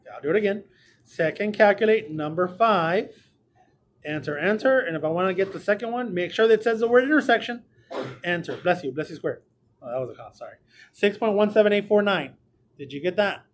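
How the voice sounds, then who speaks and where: High-voiced, chatty math teacher. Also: male voice, expressive, fairly quick, slight background noise. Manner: chatty, jokey, talks to students directly. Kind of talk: recorded classroom lesson. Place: small room.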